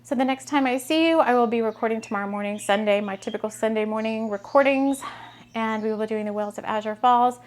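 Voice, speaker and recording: Woman host, slightly high voice, chatty and rambling with frequent giggles, talking straight to her camera. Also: fast. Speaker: spiritual podcast host. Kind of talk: casual chat to camera.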